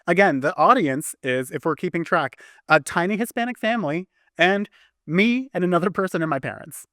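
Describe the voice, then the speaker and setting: A man telling a long story in casual podcast chat, animated and chatty with frequent restarts. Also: high voice, a little fast, no echo, clean studio sound.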